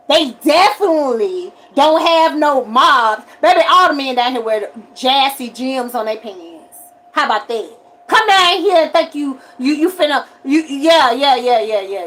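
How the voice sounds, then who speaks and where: A forty-year-old woman, telling a story on a casual livestream and swinging from loud outbursts to quiet asides. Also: sits high, a little hiss or hum, poor audio. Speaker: livestream host.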